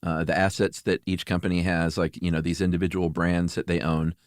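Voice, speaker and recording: Deep-voiced easygoing male podcast host. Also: level tone, brisk, no room sound, studio quality. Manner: easygoing, chuckling, fillers. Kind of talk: casual chat.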